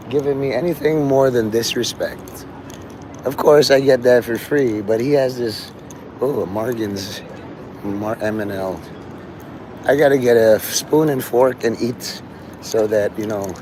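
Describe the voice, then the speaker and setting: A man's voice: medium pitch, a little mellow, a little hiss or hum. A man livestreaming outdoors on his phone, rambling to his chat and acting out the voices of people he quotes.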